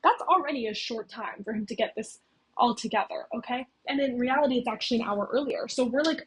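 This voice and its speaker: A woman's voice: on the high side, brisk, slight background noise, rough recording. A young woman recapping a game's story in a casual, chatty way, scattering "like" and "okay?" through her talk.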